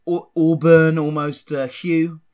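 A man co-hosting a comedy podcast, talking in a rambling, hesitant, deadpan way. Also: fairly high pitch, takes it slowly, clean tone. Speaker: podcast co-host. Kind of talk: casual comedy chat. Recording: dull lo-fi sound.

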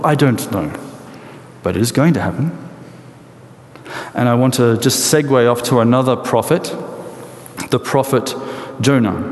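In a large hall or church, a man with a mid-range voice preaches a sermon, telling stories in a lively, animated way and posing rhetorical questions. The recording is echoey, with long reverb and faint noise.

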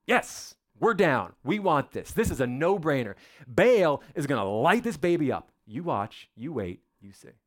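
A man's voice: a little high, sing-song, measured pace. Guy doing brash cocky prophets, all swagger, voice bouncing up and down. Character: cocky male prophets of a false god.

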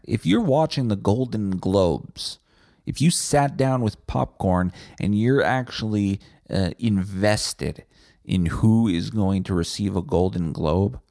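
A man's voice: on the low side, warm tone, no room sound, clean studio sound. A man hosting a solo podcast, ranting bluntly and sarcastically with plenty of swearing. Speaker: podcast host.

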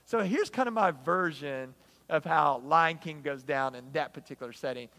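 A man preaching a sermon in an animated, emphatic, storytelling way. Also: fairly high pitch, normal speed. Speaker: pastor.

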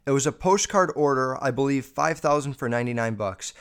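A man hosts his show by reading listener messages aloud and reacting to each one. He swears freely and talks in an animated, off-the-cuff way. His voice sits at a plain middle pitch. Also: brisk, clear, resonant tone. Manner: profane, animated, riffing. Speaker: podcast host.

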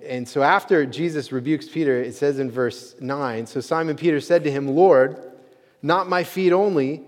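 A man preaching a sermon as pastor, earnest and conversational, with frequent fillers like "you know" and "uh.". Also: medium pitch. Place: church sanctuary. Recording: long hall reverb.

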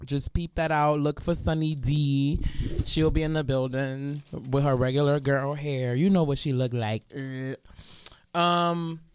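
A woman's voice: deep voice, steady tone, measured pace, darkish tone, smooth. A woman, hosting a casual radio chat show with loose, joking, profane talk and slightly congested sinuses. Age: 20s. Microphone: studio mic.

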